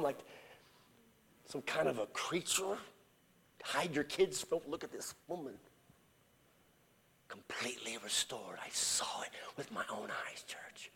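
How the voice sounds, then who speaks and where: High-voiced man preaching a sermon. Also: creaky, slightly rough. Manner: dramatic swings from shouting to hushed whispers; acts out quoted voices in storytelling. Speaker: evangelist.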